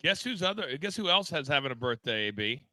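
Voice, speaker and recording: Bright, high-voiced man hosting a betting stream. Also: sing-song, fast talker, no room sound, rough recording. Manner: playful, teasing banter and hype promos. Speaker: sports betting show host. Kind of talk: live stream hosting, hype.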